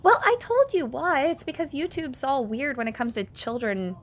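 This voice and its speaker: A woman's voice: sits high, sing-song, moderate pace, a little hiss or hum. A woman hosting a casual live stream from home. She reads viewer comments aloud and answers them, chatty and self-conscious, laughing often.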